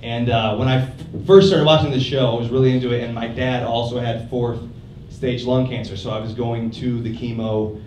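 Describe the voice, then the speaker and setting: A young man doing a stand-up set in a comedy club, deadpan with quiet mumbled asides. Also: mid-range voice, normal speed, few pauses. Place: comedy club stage, live audience. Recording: roomy club audio from a distance, loud noise.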